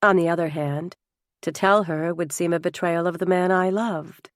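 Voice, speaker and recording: A woman narrating a novel in first person, measured and heartfelt, close to the mic. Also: lowish voice, fairly even intonation, no room sound. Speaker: audiobook narrator. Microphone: close studio mic.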